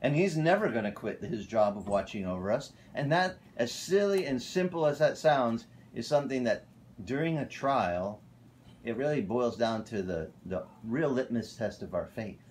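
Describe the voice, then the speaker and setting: A male pastor delivers an animated, storytelling sermon at a church fellowship. His voice sits at a medium pitch and moves easily between reading and chatting. Faint room noise hangs behind him. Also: moderate pace. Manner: animated, storytelling, self-correcting.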